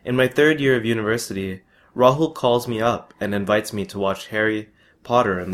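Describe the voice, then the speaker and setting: A young man reads a first-person story aloud, steady and matter-of-fact. His voice sits somewhat low, and the reading stays plain and unadorned. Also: moderate pace.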